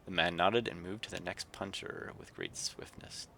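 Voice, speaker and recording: Streamer guy reading out a game, low voice, bit of fry, faint hiss behind. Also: steady tone, normal speed, sharp tone. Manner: casual, chatting with viewers between readings. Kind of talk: reading game text aloud on a livestream.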